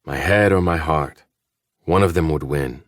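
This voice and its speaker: A man narrates a first-person audiobook in a very deep, low voice. His reading is measured, low-key and intimate. The sound is close and completely dry. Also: no echo.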